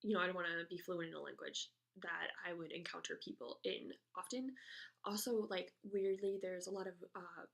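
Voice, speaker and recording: Young American woman, casual vlogger, gravelly fry, hesitant rambling delivery. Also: fairly low pitch, fairly even intonation, moderate pace, a bit bright. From United States. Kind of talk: casual chat answering a question tag.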